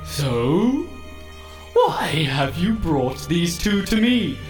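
A man voicing a huge floating many-eyed orb monster that acts as a pompous dungeon warden, speaking in a booming, drawn-out way. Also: sing-song, echoey room, faint music behind, exaggerated voice. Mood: imperious. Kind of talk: tabletop game character voice.

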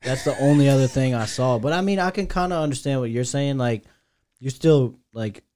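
A calm man offers measured, agreeable comments in a casual sports podcast chat. His voice is mellow and warm, and the sound is dry and close. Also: mid-range voice, no echo. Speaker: podcast co-host.

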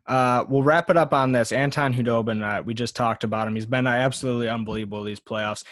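A man's voice: medium pitch, steady tone, fast, fairly bright tone, no room sound, studio quality. A man hosting a sports podcast, talking loosely with lots of fillers and restarts. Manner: loose and hesitant, many fillers. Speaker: podcast host. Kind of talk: casual sports podcast chat.

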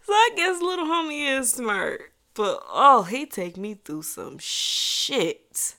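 A woman tells a story straight to her viewers, loose and heavily profane, with a way of talking. Her voice is bright and forceful, and it sits a little high. She jumps into the voices of the people in her story as she goes. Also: big pitch swings, a little slow, gravelly, few pauses. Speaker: vlogger telling a personal story. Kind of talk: casual storytime monologue.

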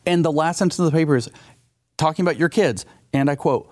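A male author and interview guest making an emphatic, argumentative case, slowing down to stress his points. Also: fairly high pitch, a little mellow, no room sound, clean studio sound.

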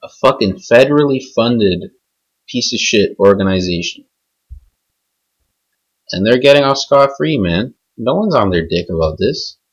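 Unscripted and enraged, a young podcast host swears heavily as he rambles from one point to the next. His fairly low, husky voice is animated but measured, pausing often, and the audio is dull.

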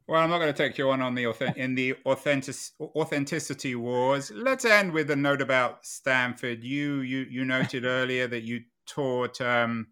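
A man's voice: medium pitch, normal speed, hardly any pauses, sharp tone, clear, resonant tone. A man hosting an interview, asking long, framing questions at a conversational pace. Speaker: interview host. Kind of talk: podcast interview.

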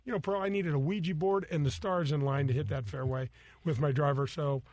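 A middle-aged man hosting a golf show, telling stories in animated, casual chat, acting out voices and laughing often. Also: fairly high pitch, brisk, dry recording.

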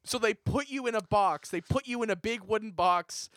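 A man in an improv comedy scene, questioning with an incredulous, rapid-fire manner. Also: high-pitched, a bit bright, dry recording, clean studio sound. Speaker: improv performer questioning the ghost.

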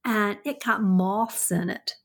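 An older woman with a Southern accent and a mid-range, creaky voice speaks slowly as she co-hosts a podcast with her son, who is the host. She chats casually and shares household tips.

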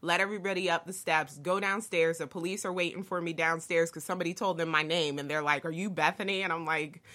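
A young woman telling a story in casual chat, animated and swearing freely as she acts out what people said. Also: lowish voice, fast talker.

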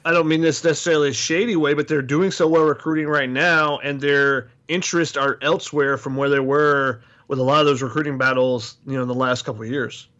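A man's voice: fairly high pitch, fairly even intonation, fairly bright tone. Thoughtful man on a dull line. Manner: thoughtful, measured reasoning. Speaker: podcast co-host. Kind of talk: casual sports podcast chat.

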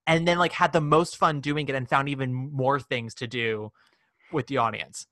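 A man co-hosting a casual chat about a musical, animated and acting out quoted lines. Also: normal speed, no room sound, studio quality. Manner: animated, acts out quoted lines in high voices. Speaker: podcast co-host.

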